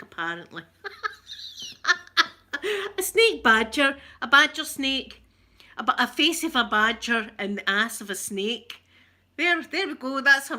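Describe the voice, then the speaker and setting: A Scottish woman talks casually to her livestream viewers, her voice bright and pitched a touch high. Her speech is broad and rough-edged. She jokes and laughs often as she chats. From Scotland. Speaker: ASMR livestream host. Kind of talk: casual chat.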